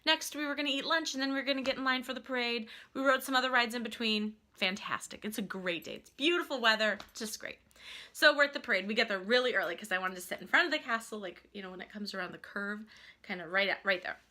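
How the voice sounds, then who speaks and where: A woman vlogger casually telling a family trip story, gushing and animated, saying "like" constantly. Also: fairly high pitch, quick pace. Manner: animated and gushing, heavy use of "like".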